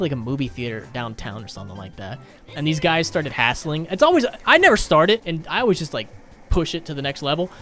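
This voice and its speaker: A young man with a slightly high voice tells a rambling, self-mocking story, joking at his own expense as he goes. The voice sits a little above the usual male range, with faint music playing behind. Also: a bit bright. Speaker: gaming YouTuber. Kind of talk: storytime over gameplay.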